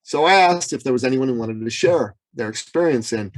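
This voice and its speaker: A man's voice: expressive, a little fast, few pauses, rough recording. A man, a business coach born in Iran, telling a story as an interview guest, acting out the quotes with big swings in voice and pacing. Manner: dramatic, acts out quotes with big pitch swings. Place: Toronto. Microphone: remote call.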